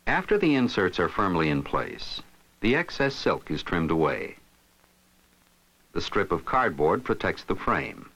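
Man narrating a lively how-to lesson. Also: on the low side, low-quality recording. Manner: steady, instructive, step-by-step. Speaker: instructional film narrator. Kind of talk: scripted narration.

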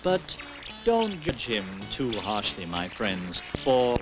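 A man narrating a storybook tale in an expressive, wry storyteller's manner, with background music behind him. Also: medium pitch, takes it slowly, poor audio.

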